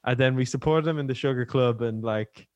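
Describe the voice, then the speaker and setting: A young man, a musician guest on a podcast, chatting in a relaxed, easygoing way. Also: medium pitch, a little fast, lo-fi sound. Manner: relaxed, easygoing, reactive interjections. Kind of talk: casual chat.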